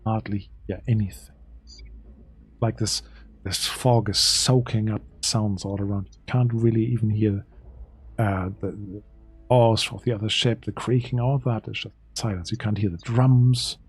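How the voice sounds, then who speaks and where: Husky game master who is not a native English speaker. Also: male voice, lowish voice, fairly even intonation, unhurried. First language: German. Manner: descriptive, stops to check rules. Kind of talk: narrating a tabletop game.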